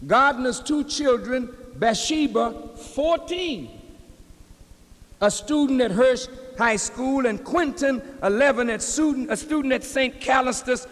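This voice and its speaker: Slow, high-voiced preacher in a large hall. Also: male voice. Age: 50s. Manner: emphatic, addresses the congregation directly. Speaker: minister. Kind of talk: sermon. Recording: long reverb of a large hall.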